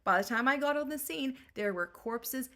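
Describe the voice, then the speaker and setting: A woman voicing a giddy old female nursemaid who gushes excitedly about bloodshed. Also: sits high, normal speed, voice pushed up, full character voice. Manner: excitable, gushing.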